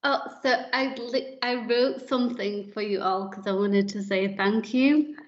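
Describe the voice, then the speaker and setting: Young woman reading a thank-you speech; slow and halting, a little choked up, dull sound. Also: on the high side. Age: young adult. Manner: tearful, halting, with many fillers. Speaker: young care leaver addressing the board. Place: council meeting room. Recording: slightly muffled livestream audio.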